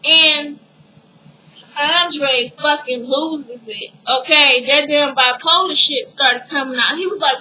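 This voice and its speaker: A woman casually recapping a TV episode for her viewers, animated and emotional, with frequent asides to the audience. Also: high-pitched, slow pace, slight background noise, poor audio.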